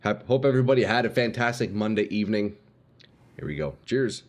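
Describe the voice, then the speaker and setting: A man's voice: on the low side, expressive, fairly quick. A man streaming casually, chatting to his viewers in a laid-back, slangy way and calling them dude and boys. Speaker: game streamer. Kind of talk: casual livestream chat.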